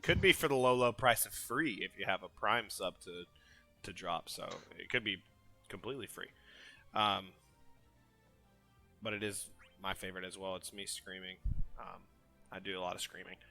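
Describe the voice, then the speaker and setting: A man hosting a casual gaming live stream, energetic and hyping up his chat. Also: sits low, normal speed, long pauses, soft background music. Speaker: stream host.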